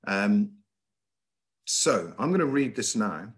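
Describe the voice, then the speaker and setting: Middle-aged headmaster, lively slide lecture over a video call, low voice. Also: male voice, slow. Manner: lively, emphatic, with frequent ums and uhs. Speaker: school headmaster giving a talk.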